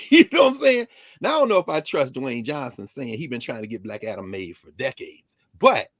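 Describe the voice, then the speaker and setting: A man speaking as a guest scholar on a talk show, telling stories in an animated way, acting out quoted exchanges and scattering "you know" through his speech. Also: mid-range voice, a little fast, no echo. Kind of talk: animated talk-radio commentary.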